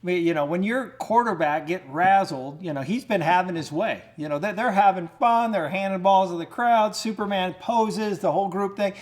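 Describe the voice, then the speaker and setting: A man's voice: sits high, normal speed, hardly any pauses. A man hosting a casual studio interview, talking in an eager, conversational way. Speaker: show host. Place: studio set.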